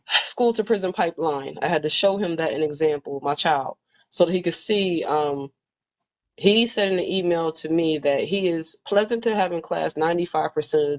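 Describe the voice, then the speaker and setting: A woman in a casual book club conversation, telling a personal story in a reflective, storytelling manner. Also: sits low. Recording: muffled lo-fi audio.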